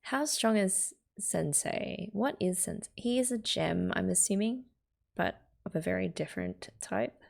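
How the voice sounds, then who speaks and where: An Australian woman hosts a manga read-along, chatting her reactions between passages. Her voice is low and heavily gravelly, and she talks at an unhurried pace with laughing, whispered asides. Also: sing-song. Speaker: reaction video host. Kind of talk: reading a manga aloud with commentary.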